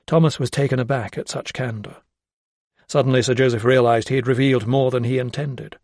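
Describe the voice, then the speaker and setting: The speaker is a man narrating an audiobook from a script, his storytelling steady and measured. He has a mid-range voice, captured in clean studio sound without echo.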